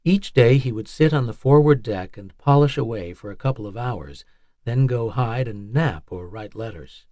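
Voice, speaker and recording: A man reading a nonfiction audiobook in a measured, even narration style. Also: medium pitch, dry recording.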